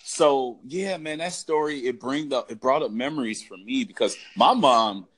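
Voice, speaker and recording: A man's voice: medium pitch, moderate pace, fairly bright tone. A man in casual, profane conversation, sharing his own memory in a laid-back way.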